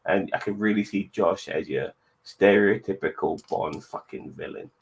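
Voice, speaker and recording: A man hosting a casual online chat show, blunt and quick to swear, with cheery sign-offs. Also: deep voice, gravelly, rough recording. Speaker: podcast host.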